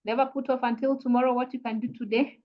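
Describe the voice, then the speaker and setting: A woman with a Kenyan accent teaching an online English revision lesson, patient and repetitive, often saying "kindly" and pausing with "uh". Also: on the high side, level tone, muffled recording. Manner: patient, repeats "kindly", frequent "uh" fillers.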